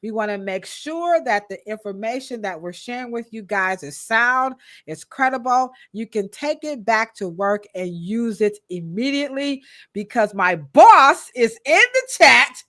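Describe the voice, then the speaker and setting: A woman co-hosting a live-stream podcast, chatting casually and shouting out viewers in the chat by name. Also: a little high, expressive, measured pace, few pauses. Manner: casual, slangy American speech. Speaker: podcast co-host.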